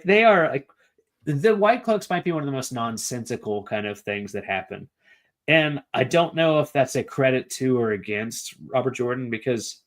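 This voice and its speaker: A man co-hosting a book podcast, talking casually with rambling, profane asides and lots of filler words. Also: mid-range voice. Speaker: podcast co-host. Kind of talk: casual chat about a book.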